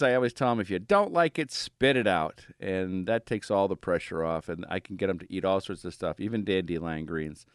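A man's voice: low voice, clean tone, no room sound. A man hosting a radio gardening show in a studio, chatty and upbeat, laughing easily between thoughts. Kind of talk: casual radio talk. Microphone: studio microphone.

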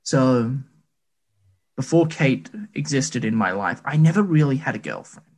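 A man in his late twenties talks in a husky, slightly rough voice. His pitch swings in a lively way as he rambles through casual, self-deprecating anecdotes. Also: a little slow. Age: late 20s. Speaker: podcast co-host. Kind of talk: casual chat.

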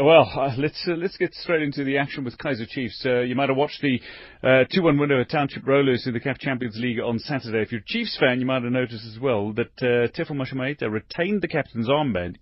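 A man's voice: medium pitch, no room sound. A man hosting a radio sports show, asking long questions with small repeats. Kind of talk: radio sports interview and news. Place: radio studio. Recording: dull, dry radio studio sound.

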